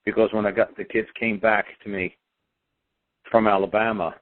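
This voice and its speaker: A man's voice: fairly low pitch, little pitch movement, normal speed, no room sound. A man telling a personal story on talk radio in a defiant, emphatic, repetitive way. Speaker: radio show guest speaker. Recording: tinny phone-line radio sound.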